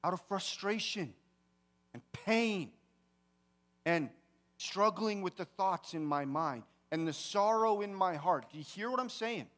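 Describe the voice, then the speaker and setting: A man pastor preaching a sermon, telling a personal story with big swings from hushed to loud. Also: high voice, measured pace. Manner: animated storytelling, swings from quiet to shouting. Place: church sanctuary.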